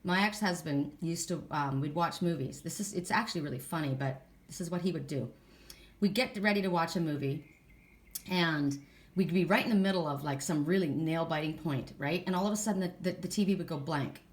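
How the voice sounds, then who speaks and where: A middle-aged woman giving a casual oracle card reading, chatty and animated, telling stories and laughing as she talks. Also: deep voice, a little fast.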